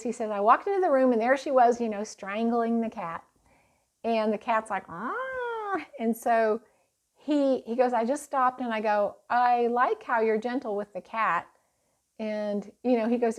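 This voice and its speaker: A woman teaching parents in a casual, chatty way, telling stories with a laugh and speaking of faith. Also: on the high side.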